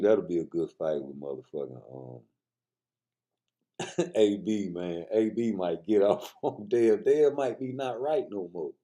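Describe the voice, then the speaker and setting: A man's voice: deep voice, dark tone. A man giving casual, profane boxing commentary, joking loosely and talking straight to his viewers.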